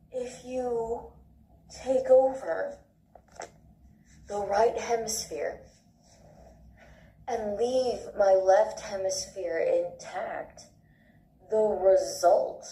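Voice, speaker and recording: A woman speaking in a halting, ranting way. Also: medium pitch, dark tone, a little hiss or hum. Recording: roomy echo, distant from the mic.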